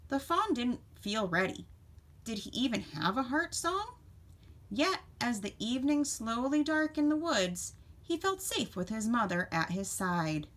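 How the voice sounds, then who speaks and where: A woman teacher reading a picture book aloud to children, expressive and asking them questions along the way. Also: a little high, a little slow. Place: home.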